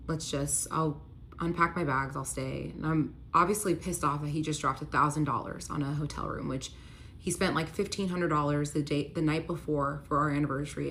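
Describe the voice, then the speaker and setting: A woman's voice: deep voice, a little hiss or hum. A young adult woman telling a personal story in a casual vlog, chatty and full of "like", acting out the lines of the people in her story. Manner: chatty, constant "like", acts out quoted dialogue. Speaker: storytime vlogger.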